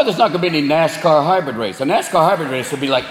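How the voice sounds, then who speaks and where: A man doing stand-up comedy, animated and profane. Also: on the high side, rapid-fire, echoey room, big-room sound, a little hiss or hum. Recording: live venue with loud crowd.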